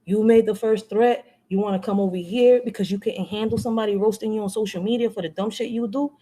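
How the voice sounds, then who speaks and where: A woman's voice: medium pitch, fairly even intonation, fast, dark tone. Blunt, profane woman from Philly. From Philadelphia. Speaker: live-stream panelist. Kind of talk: heated live-stream rant.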